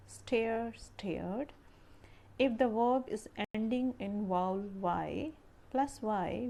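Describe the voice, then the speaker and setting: A woman's voice: mid-range voice, gravelly, warm tone. A woman teaching English grammar, reading out rules and verb lists as careful drills. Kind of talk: slow grammar lesson narration.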